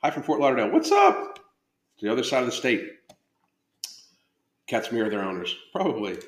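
A man's voice: medium pitch, lively intonation, fast. Swearing male live-stream host, roomy sound. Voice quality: loose, profane, self-interrupting talk. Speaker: podcast host and fitness coach. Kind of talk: casual live-stream chat. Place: indoor room at home. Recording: roomy echo.

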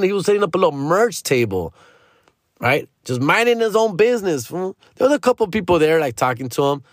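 A man's voice: medium pitch, no room sound, clean studio sound. A man, telling a rambling personal story in casual slang as a comedian. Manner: slangy, rambling, peppered with "dog" and "fool".

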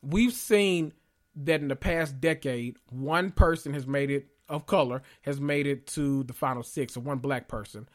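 A man's voice: medium pitch, unhurried. A man hosting a casual reality TV recap vlog, sassy and gossipy, laughing often as he rambles.

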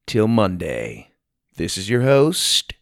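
A man's voice: on the low side, huge pitch swings, slow, no echo, studio quality. Upbeat man narrating a kids' story. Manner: upbeat and friendly, shouting out listeners. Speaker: podcast host and narrator.

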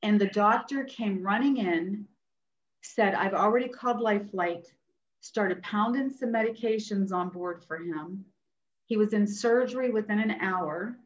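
Woman guest, nurse practitioner, animated storyteller; muffled, roomy recording. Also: medium pitch, measured pace. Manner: animated, acts out what others said. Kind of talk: personal storytelling in an interview. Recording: roomy, dull sound.

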